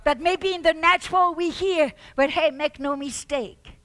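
A woman pastor preaching a fervent sermon, shouting out exclamations and repeating words for emphasis. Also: high-pitched, normal speed.

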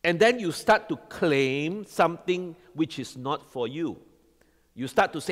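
A man's voice: a little high, lively intonation, a little slow. A man preaching a sermon as pastor. He talks animatedly and keeps quizzing the congregation with "all right?". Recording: long hall reverb.

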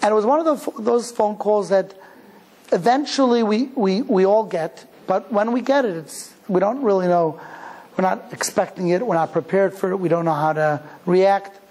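A man's voice: sits high, moderate pace, darkish tone. A man from Cleveland, Ohio, a rabbi telling a personal story in a sermon, speaking in an emphatic, earnest way and repeating phrases for emphasis. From Cleveland, Ohio, USA.

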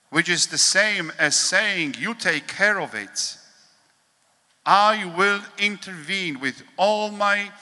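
A priest reading a devotional meditation in a slow, measured, solemn way, with pauses, in a large hall. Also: male voice, high voice, sharp tone.

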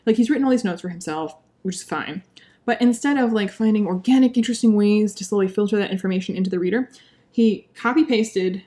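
A young woman giving a casual, exasperated book review, animated, laughing often and saying "like" a lot. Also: mid-range voice.

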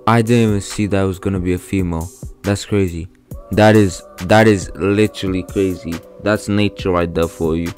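A man's voice: lowish voice, normal speed, faint music behind. A brash young man chatting and joking crudely with strangers in a virtual game world. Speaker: VR chat streamer. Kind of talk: casual chat with strangers in a game.

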